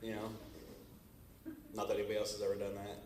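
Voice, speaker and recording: A man's voice: fairly low pitch, monotone, fast talker, darkish tone, slight background noise. Man telling stories, roomy distant sound. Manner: storytelling, acts out quoted exchanges. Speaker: class member, works at a bank office. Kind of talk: casual group discussion. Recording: echoey room, distant mic.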